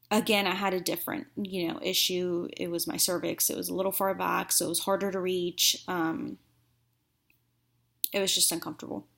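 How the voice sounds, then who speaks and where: A woman's voice: fairly low pitch, creaky, a bit bright. A woman vlogging a frank personal story in a chatty, casual way, with many fillers. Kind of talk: candid personal vlog storytelling.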